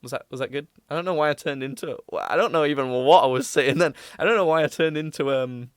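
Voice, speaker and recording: A man's voice: fairly high pitch, fast, clean tone, no echo, studio quality. A young man hosting a podcast, rambling casually with lots of fillers and self-mocking asides. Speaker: podcast host. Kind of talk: casual chat.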